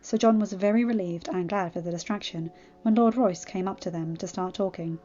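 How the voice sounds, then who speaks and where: A woman calmly reading fan fiction aloud as narrator. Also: mid-range voice, fairly quick, muffled recording, faint music behind. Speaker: audiobook reader.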